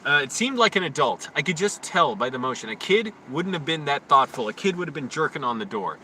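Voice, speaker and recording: A young man rambling on a phone stream from a city park, his voice bright and forceful. He drifts from topic to topic and flares into loud rants now and then. Faint outdoor noise sits under his talk. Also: a little high, very animated. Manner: rambling, quick to rant and get loud. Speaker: live-streaming YouTuber.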